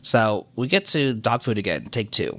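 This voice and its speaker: A man co-hosting a casual podcast, recapping old cartoons and acting out the characters' lines as he goes. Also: normal speed. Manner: animated, acts out characters' lines in high voices, swears freely. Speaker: podcast co-host. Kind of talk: casual chat recapping cartoons over drinks.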